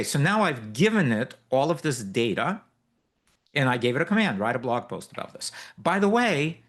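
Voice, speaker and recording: A man runs a live software demo for a workshop audience. He explains each step loosely, with many fillers and quick asides, in a mid-pitched voice. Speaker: workshop instructor.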